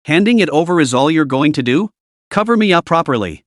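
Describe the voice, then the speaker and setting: A man's voice: fairly high pitch, expressive, fairly quick, no echo, studio quality, close to an everyday voice. A man voicing a rude, demanding, wealthy middle-aged man on a plane in a story read. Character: pushy balding rich middle-aged man.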